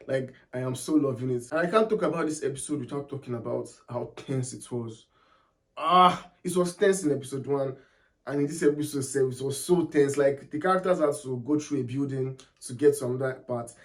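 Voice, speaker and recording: A man's voice: medium pitch, a little mellow. A young man reviewing a TV episode in a casual, enthusiastic way, repeating words for emphasis. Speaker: TV series reviewer.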